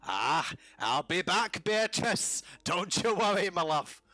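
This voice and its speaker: A man doing a loud showy flirt of an adventurer. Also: sits high, big pitch swings, no room sound, soft background music, voice pushed up, full character voice. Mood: flirtatious. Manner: drawn-out, hammy.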